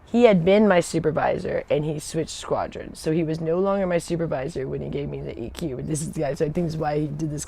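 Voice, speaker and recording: A warm, creaky, low-pitched woman's voice belongs to an Air Force veteran telling stories on a livestream. She spins a casual tale loosely, wandering into tangents, losing her place, and laughing a lot along the way.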